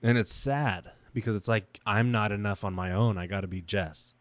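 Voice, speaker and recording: There is no room sound as a young man, lowish-voiced and speaking at normal speed, hosts his own podcast. He reflects on himself in an emotional monologue that stops and starts.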